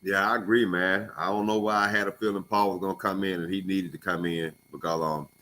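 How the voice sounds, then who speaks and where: A man co-hosting a radio talk show, telling stories in a casual, animated way. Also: deep voice, fairly quick, a little hiss or hum. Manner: animated storyteller, acts out voices. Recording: call-in radio show studio.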